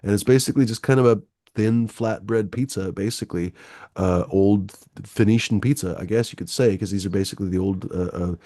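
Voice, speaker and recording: A man chatting on his own livestream, rambling along with plenty of fillers and joking asides. His voice sits low and mellow. The sound is close and dry. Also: a little fast, no room sound. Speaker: livestream host. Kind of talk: casual livestream chat.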